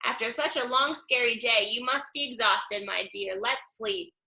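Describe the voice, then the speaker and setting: A woman voicing a tender mother penguin, speaking softly and soothingly. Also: fairly high pitch, moderate pace, creaky, heavily acted. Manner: soft, soothing, hushed. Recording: echoey room.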